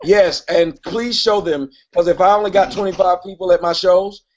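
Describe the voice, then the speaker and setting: A man's voice: high voice, normal speed, a little mellow, a little hiss or hum. A man hosting a live stream who mocks and confronts his critics in a crude, brash way. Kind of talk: profane live-stream rant. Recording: lo-fi stream audio.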